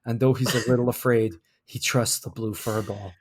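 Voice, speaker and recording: A man co-hosting a comedy podcast, reading fan fiction aloud in a middle-pitched voice. He breaks into laughter partway through his sentences. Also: fairly even intonation, moderate pace. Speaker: podcast co-host.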